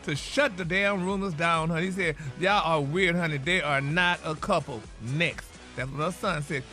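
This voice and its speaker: A man's voice: a little high, moderate pace, pushed and bright, faint music behind. A man co-hosting a morning radio show, sharing celebrity gossip in a flamboyant way and calling everyone honey. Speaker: entertainment news co-host.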